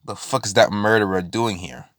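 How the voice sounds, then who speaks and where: A man's voice: fairly low pitch, moderate pace, a bit bright, no echo, studio quality, pitched below the performer's own voice, natural voice. A man voicing an angry, hostile young male rival who swears with scorn.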